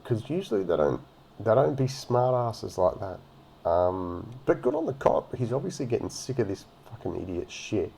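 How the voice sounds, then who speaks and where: A man's voice: lowish voice, big pitch swings, normal speed, gravelly, warm tone, slight background noise. A man giving a profane, mocking rant as he comments on a video. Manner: ranting and mocking, heavy swearing. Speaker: reaction commentator.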